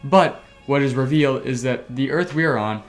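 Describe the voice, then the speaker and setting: A male podcast host who talks in a middling, unremarkable register. He tells his story with loose, excitable energy, punching it up with spoken sound effects and casual cursing. Faint music plays softly behind his voice. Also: medium pitch, normal speed.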